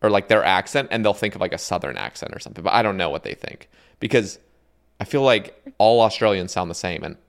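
Low-voiced, lively young man hosting a podcast. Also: fast, vocal fry. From Oregon, USA. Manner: easygoing, laughs often, many fillers. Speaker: podcast host. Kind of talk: casual podcast chat.

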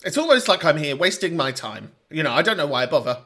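Lively, sweary man hosting. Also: fairly high pitch, fast. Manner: sweary, playful mock-outrage; chatty and animated. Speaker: podcast host. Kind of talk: casual monologue, reading listener messages.

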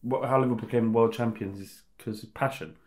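A man co-hosting a podcast, thinking out loud in casual chat and often repeating words. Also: mid-range voice, steady tone, fairly quick, reverberant, crowd noise. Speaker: podcast co-host.

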